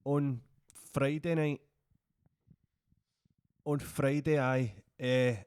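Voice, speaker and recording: A man's voice: mid-range voice, level tone, very slow, a little mellow, clear, resonant tone, dry recording. A Scottish man co-hosting a comedy podcast, chatting loosely with many restarts. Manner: rambling, restarts a lot, encouraging. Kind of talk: casual chat.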